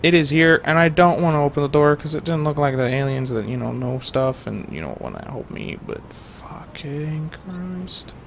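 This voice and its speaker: A man's voice: on the high side, lively intonation, moderate pace, creaky, hardly any pauses, a little hiss or hum. A young man giving rambling, jokey let's-play commentary to his viewers as a gaming host.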